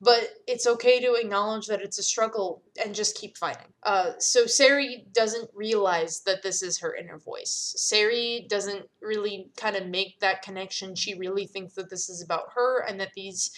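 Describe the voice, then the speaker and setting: A young woman game developer giving candid, halting casual commentary, full of pauses and fillers. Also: medium pitch, fairly bright tone.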